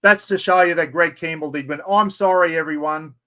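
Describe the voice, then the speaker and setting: A man in his fifties with an Australian accent, excitedly hosting a chatty live stream giveaway and poking fun at himself. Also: fairly high pitch, fairly quick. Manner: excitable, chatty, self-mocking.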